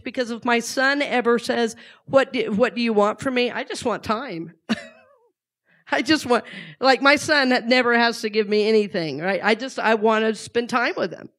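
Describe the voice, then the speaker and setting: Addressing a live crowd, a middle-aged woman with a slightly high voice talks in an easygoing, conversational manner, often throwing questions out to listeners. She uses natural fillers and sometimes restarts her sentences.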